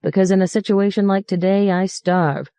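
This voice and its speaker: A woman's voice: medium pitch, fairly even intonation, moderate pace, warm tone, smooth, no room sound, pitched above the performer's own voice, lightly acted. A woman reading the part of a sarcastic, foul-mouthed male cab driver who rants in mock-polite tones. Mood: sarcastic ranting. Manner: mocking, ranting, mock-polite.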